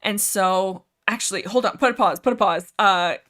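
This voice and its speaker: A young woman from Canada hosting a casual livestream chat about books, rambling and animated, reading chat aloud. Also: medium pitch, normal speed. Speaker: livestream host.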